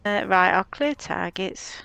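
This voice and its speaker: A woman's voice: medium pitch, animated, unhurried, gravelly, a bit bright, clean tone, no room sound, soft background music. A woman playing a character in a tabletop game, casual and wry, joking at her own expense and laughing often. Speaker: player.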